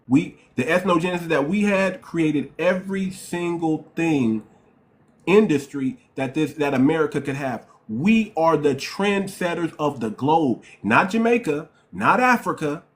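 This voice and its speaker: A man with a New York accent hosts a heated live-stream debate. His voice sits high for a man, and he lectures emphatically and repeats his points. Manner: emphatic, repetitive, lecturing, keeps saying ma'am.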